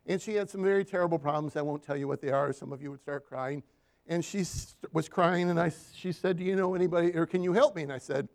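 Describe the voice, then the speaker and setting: A man preaching a sermon, telling stories from his counseling work and asking the congregation for amens. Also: on the high side. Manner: animated storytelling with call-and-response amens.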